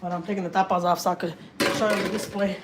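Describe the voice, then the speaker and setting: A woman with a Texan accent chatting casually on a family live stream, animated and repeating herself as she talks while holding a phone in her kitchen. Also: fairly low pitch, fast, heavy background noise. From Houston, Texas. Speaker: family vlogger. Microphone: handheld phone.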